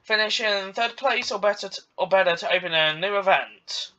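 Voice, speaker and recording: A man's voice: sits high, normal speed, sharp tone, distant mic, dull audio, slight background noise. A man hosting a let's play, rambling and stumbling over words while he races, with a cough. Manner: rambling, stammers and repeats. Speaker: gaming channel host.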